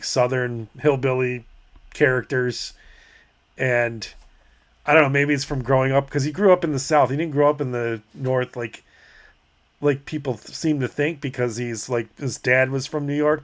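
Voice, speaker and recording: A man hosting a channel, talking casually to his viewers at an ordinary middle pitch. He chuckles and muses aloud as he reacts to an interview clip. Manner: chuckling, musing, talks to viewers. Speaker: channel host.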